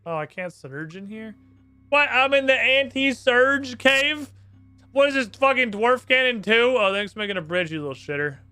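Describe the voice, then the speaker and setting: A man's voice: very high voice, lively intonation, moderate pace, bright, forceful tone, clean tone, no echo, faint music behind. A man streaming a video game, cursing and talking sarcastically to himself as he plays. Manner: profane, sarcastic, talks to himself. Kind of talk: live gameplay commentary.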